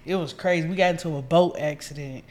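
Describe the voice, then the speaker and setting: A man co-hosting a casual chat, narrating a travel mishap in a relaxed way. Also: a little high, fast. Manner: relaxed storyteller, quotes people as he goes. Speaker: podcast co-host.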